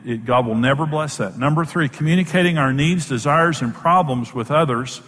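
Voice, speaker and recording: A man's voice: a little high, fairly bright tone. A man preaching in a reverberant hall. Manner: emphatic and plain-spoken, lists numbered points, often restarts words. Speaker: Bible teacher and program host. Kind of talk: sermon-style marriage teaching to an audience.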